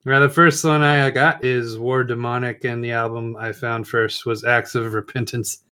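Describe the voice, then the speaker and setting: An easygoing man co-hosting a podcast, chatting casually and laughing often between joking asides. His voice sits at a middle pitch and stays relaxed. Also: moderate pace, clear, resonant tone. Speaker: podcast co-host. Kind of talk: casual chat.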